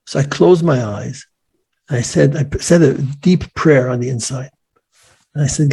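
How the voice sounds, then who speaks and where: A man in his forties, a guest in an interview, telling a personal story in an earnest, halting way with many restarts. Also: fairly high pitch, vocal fry, warm tone, slightly rough.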